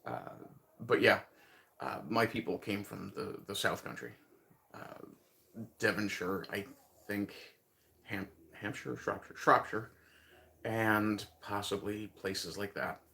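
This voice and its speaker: A man's voice: lowish voice, steady tone, slow, creaky, long pauses, bright, forceful tone, slight background noise. A man from Newfoundland with a light Newfoundland accent, chatting casually with viewers on his livestream, rambling and chuckling as he thinks aloud. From Newfoundland, Canada. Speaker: livestream host.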